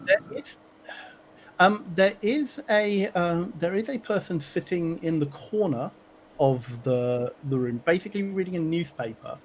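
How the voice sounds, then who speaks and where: A man running a tabletop game as game master, narrating haltingly with many fillers. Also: high-pitched, lively intonation, dull audio, slight background noise. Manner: halting, many ums and uhs.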